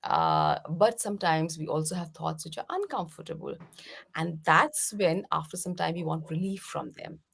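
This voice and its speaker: A middle-aged woman from India, a meditation teacher, gently explaining mindfulness as a podcast guest with frequent "uh" fillers. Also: low voice, big pitch swings, normal speed, gravelly, husky. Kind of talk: podcast interview answers.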